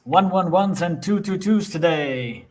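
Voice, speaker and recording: A man hosting a spiritual group video call, assigning turns with brisk fillers. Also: high voice, a little mellow. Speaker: host.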